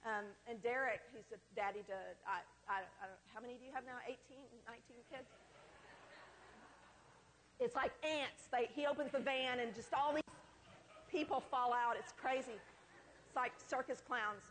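A middle-aged woman speaking to a church gathering, telling her own story in a frank, conversational way with wry, self-deprecating asides. Her voice sits a little high. The sound carries the long reverb of a large hall. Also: fairly even intonation, moderate pace, a bit bright, a little hiss or hum. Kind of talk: personal testimony talk.

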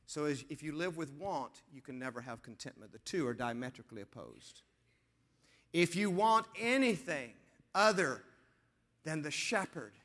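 A high-pitched man preaches with a bright, ringing tone. He leans on repeated phrases and asks his listeners questions as he goes. His voice carries a long reverb through a large church hall. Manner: emphatic, repeating phrases for effect. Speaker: pastor. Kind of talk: sermon.

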